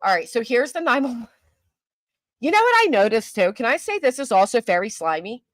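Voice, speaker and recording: A woman's voice: on the high side, sing-song, a little fast, dry recording, clean studio sound. An older woman hosting a casual live-stream commentary, chatty and self-mocking, answering her chat as she goes. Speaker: YouTube commentary host.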